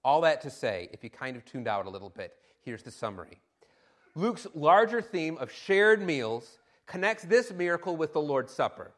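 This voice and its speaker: A man preaching a sermon in an animated, emphatic way, with occasional fillers. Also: a little high.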